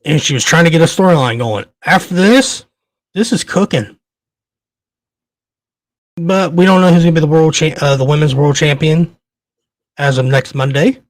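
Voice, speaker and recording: A podcast host with a slightly high voice speaks at a moderate pace with long pauses and no echo. Shaking with rage, he delivers angry commentary, swearing hard and stammering over repeated words.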